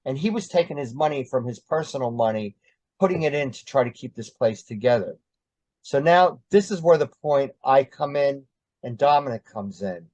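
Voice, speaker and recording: An older man tells his story in a loose, meandering way and keeps pausing on ums and uhs. The sound is dry and a little dull, with no room tone. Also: medium pitch, animated, a little mellow, dry recording. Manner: rambling, many ums and uhs. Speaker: interview guest. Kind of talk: casual storytelling.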